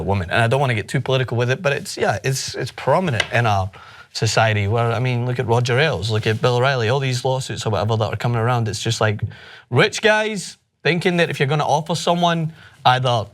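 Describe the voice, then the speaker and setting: A man co-hosts a casual news chat. He gives blunt, outspoken opinions and often restarts his sentences. His voice has a medium male pitch. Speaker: co-host.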